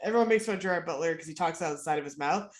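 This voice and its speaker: A woman with a Michigan Midwestern accent, co-hosting a casual podcast, sounding congested and nasal, chatty with quick asides. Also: sits low. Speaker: podcast co-host. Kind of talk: casual chat.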